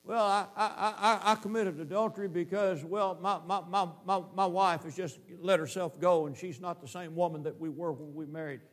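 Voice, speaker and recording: A man's voice: sits high, steady tone, moderate pace, few pauses, natural voice. A man voicing a stammering, defensive person making excuses for his sins.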